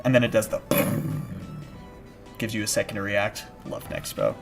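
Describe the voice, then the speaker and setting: A young man chatting casually on a live gaming stream, rambling and restarting his sentences, with bursts of shouted panic. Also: fairly low pitch, expressive, a little slow, vocal fry. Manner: rambling and self-interrupting, with sudden shouted panic at scares. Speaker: game streamer. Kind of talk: casual live-stream chat while playing. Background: background music.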